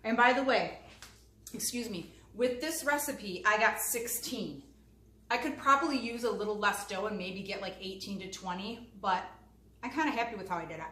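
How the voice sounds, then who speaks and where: A woman's voice: mid-range voice, moderate pace, sharp tone. Woman, cooking host, chatty, enthusiastic, talks to viewers, home kitchen, echoey room. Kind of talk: casual cooking demonstration. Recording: echoey room with faint background noise.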